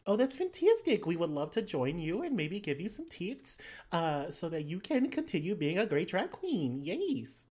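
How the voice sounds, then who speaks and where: An animated tabletop player takes charge of the scene and slips in and out of character. The voice sits at a middling pitch and stays lively and commanding. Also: moderate pace, slightly rough. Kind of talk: tabletop game play.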